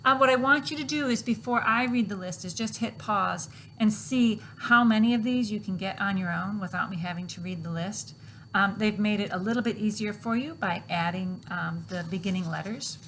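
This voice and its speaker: A woman teacher walking students through a grammar worksheet, patiently explaining and reading examples aloud slowly. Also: medium pitch, a bit bright, a little hiss or hum, low-quality recording.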